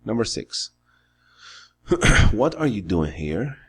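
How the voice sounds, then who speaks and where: A man teaching an English lesson, explaining grammar and vocabulary slowly and patiently, step by step. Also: fairly low pitch, very animated, breathy edge.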